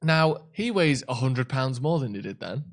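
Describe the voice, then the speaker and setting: A man's voice: mid-range voice, expressive, moderate pace. A man co-hosting a live football watchalong in casual chat, rambling and joking as he hunts for words. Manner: rambling, jokey, searches for words. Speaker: watchalong co-host.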